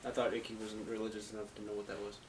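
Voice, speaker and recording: A man's voice: on the low side, monotone, racing, roomy sound, distant mic, a crowd in the background. A man as a player at a tabletop game, asking wry questions. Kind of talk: casual tabletop play.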